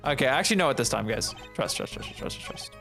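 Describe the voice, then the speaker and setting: A man's voice: medium pitch, lively intonation, quick pace, creaky, a bit bright, soft background music. A man chatting casually on a game stream, joking and self-deprecating. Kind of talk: casual gaming stream chat.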